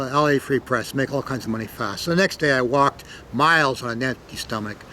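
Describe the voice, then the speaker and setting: A man's voice: medium pitch, bright, forceful tone, slight background noise, poor audio. An older man from Canada telling stories in a loose, rambling monologue, cursing freely and punching words with sudden emphasis. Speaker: storyteller. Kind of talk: casual spoken monologue.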